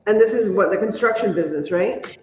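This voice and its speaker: A woman hosting a casual live crafting stream, chatty and upbeat, thanking her viewers warmly. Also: medium pitch, fairly quick. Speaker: livestream crafting host. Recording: echoey room, dull lo-fi sound.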